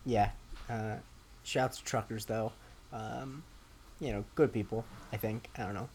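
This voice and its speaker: A man's voice: fairly low pitch, steady tone, unhurried, darkish tone, breathy edge. A young man co-hosting a podcast, recapping a TV episode in a rambling, casual chat with dry asides. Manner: rambling, many ums and restarts, dry asides. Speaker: podcast co-host.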